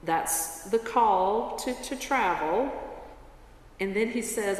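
Woman pastor, sermon, slow pace, very echoey sanctuary, faint background hum. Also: mid-range voice, animated. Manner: storytelling, unhurried. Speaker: pastor, guest preacher. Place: church sanctuary. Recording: echoey church with long reverb, faint ambience.

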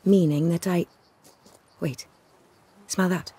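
A woman's voice: on the low side, steady tone, slow pace, mellow, breathy edge. An actress playing a cold, commanding noblewoman who speaks in cool, clipped lines.

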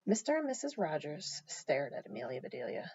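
A woman reading a children's storybook aloud, animated, with chatty asides to the listener. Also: sits low, brisk, husky, dry recording, dull audio. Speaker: storybook reader.

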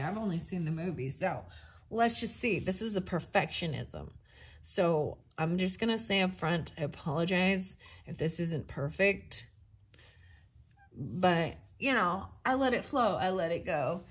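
A woman's voice: fairly low pitch, expressive, a little slow. A woman giving a tarot reading in a casual, rambling way, thinking aloud as she goes and questioning herself. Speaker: tarot reader.

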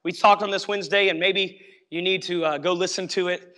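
Male pastor, high voice, emphatic sermon delivery, church sanctuary. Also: steady tone, fairly quick, pushed and bright. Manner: emphatic, repetitive, addresses the congregation with "hey, listen". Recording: long hall reverb.

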